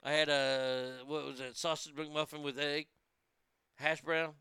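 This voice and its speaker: A brash American-born man riffing through news stories with crude, mocking humor. His voice is gravelly and very bright, smooth in tone. He is heard close and dry on a studio mic. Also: fairly high pitch, flat delivery, unhurried, no room sound. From United States. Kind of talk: crude comedic news commentary.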